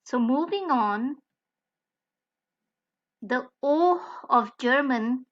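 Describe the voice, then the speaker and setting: Slow, careful woman tutor, lo-fi. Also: high voice. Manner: careful, deliberate, spells out letters one by one. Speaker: language tutor. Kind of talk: slow scripted tutorial narration.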